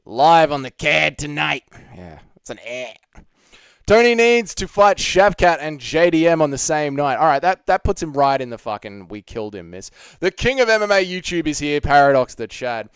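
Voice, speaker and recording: A man's voice: on the high side, lively intonation, fairly quick, smooth, no room sound. A young man hosting a casual live stream, chatting and reading out viewer comments with plenty of swearing. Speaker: livestream host.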